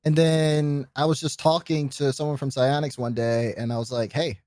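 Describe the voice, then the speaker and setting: A man's voice: fairly high pitch, normal speed, no echo, studio quality. A young man, a guest on a podcast, telling stories in casual chat and quoting other people as he goes. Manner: storytelling, animated, fond of quoting others.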